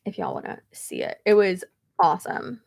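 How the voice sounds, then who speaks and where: A woman's voice: medium pitch, moderate pace, gravelly, a little mellow. A woman vlogger chatting casually, rambling through a story with lots of fillers and restarts. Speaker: beauty vlogger.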